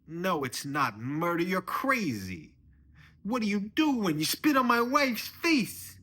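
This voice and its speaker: A man voicing a belligerent older father-in-law, shouting in a comic dramatic reading. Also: fairly low pitch, big pitch swings, fast, breathy edge, voice pushed up, exaggerated voice. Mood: outraged.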